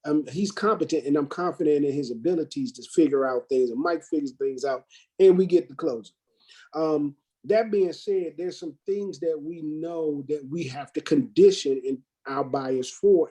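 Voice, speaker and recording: A man's voice: a little high, warm tone, breathy edge, low-quality recording. Emphatic man coaching real estate agents. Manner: emphatic, sales-pep, acts out his own quoted lines. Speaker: brokerage host training agents. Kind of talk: casual talk to agents.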